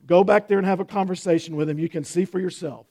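Deadpan dog seller, a man putting him on, low-key and gravelly. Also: quick pace. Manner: flat, matter-of-fact. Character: laconic dry male dog seller.

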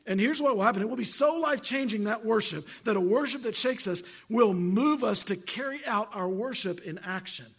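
High, gravelly preacher man, emphatic. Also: fairly quick, few pauses, a bit bright. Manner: emphatic, repetitive preaching, reads Bible verses aloud. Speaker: pastor. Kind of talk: sermon.

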